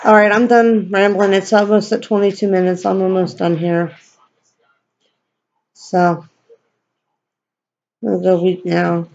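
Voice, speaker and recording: A woman's voice: mid-range voice, flat delivery, slow pace, vocal fry, pauses often, a little mellow, highs cut off. A woman vlogger telling a personal story in a blunt, profane, rambling way.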